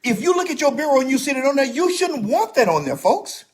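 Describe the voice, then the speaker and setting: A man's voice: very high voice, big pitch swings, quick pace, a little mellow. A man hosting a casual livestream about credit repair, emphatic and repetitive, speaking straight to his viewers. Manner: emphatic, repeats himself, talks straight to viewers.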